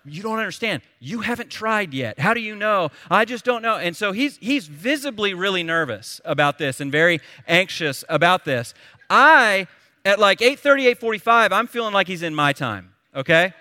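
Lively, bright-voiced pastor preaching in a hall. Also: male voice, high-pitched, normal speed. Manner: storytelling, animated and conversational. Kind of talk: sermon.

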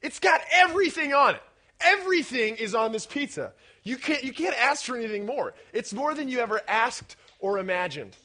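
A man delivers a youth-group sermon in a high, ringing voice. He is playful and animated, teasing his young listeners with questions and punching key lines up to a shout. The tone is bright and a little sharp. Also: normal speed. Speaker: youth pastor.

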